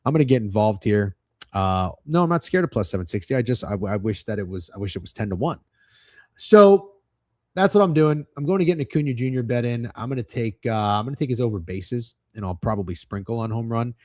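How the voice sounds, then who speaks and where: A young man hosting a sports betting livestream, talking casually and excitably, swearing often and rambling through restarts as he runs through his picks. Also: mid-range voice, brisk, no echo, clean studio sound. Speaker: sports betting show host.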